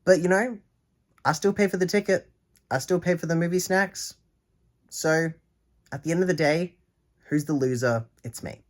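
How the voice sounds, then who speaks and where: A man giving a mock-critical, deadpan review full of slang. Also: fairly high pitch, normal speed, pauses often.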